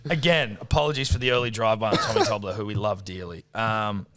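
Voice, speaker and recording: A man's voice: fairly low pitch, lively intonation, moderate pace, sharp tone. A man with an Australian accent hosting a casual betting podcast, teasing and often laughing as he tells stories. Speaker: podcast host. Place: studio.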